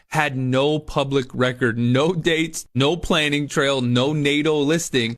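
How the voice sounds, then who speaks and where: A man's voice: medium pitch, a bit bright. A man narrating scripted political commentary in a punchy, emphatic way with folksy asides.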